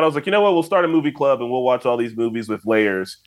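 Fast-talking animated man telling stories. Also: medium pitch. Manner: fast animated storytelling with put-on quotes. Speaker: guest, YouTube reaction channel host. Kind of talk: casual podcast chat.

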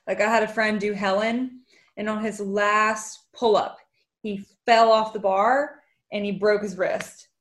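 A woman hosting a podcast, chatting casually with quick interjections and easy laughter. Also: medium pitch, steady tone. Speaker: podcast host.

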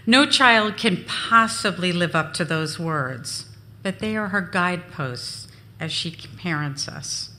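A woman giving a live memoir reading on stage, expressive and unhurried. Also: fairly low pitch. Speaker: storyteller. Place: on stage at a venue.

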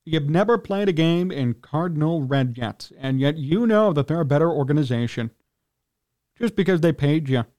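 A man with a Chicago accent, hosting a sports talk radio show, ranting indignantly and clearing his throat as he gets worked up. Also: lively intonation, normal speed, darkish tone. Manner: indignant, ranting, pitch jumps when worked up. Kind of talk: heated sports talk rant.

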